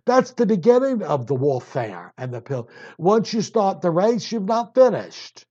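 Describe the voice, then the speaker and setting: A man's voice: on the high side, a little mellow. A man preaching an emphatic Bible sermon, drawing out words for stress. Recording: dull lo-fi tape recording.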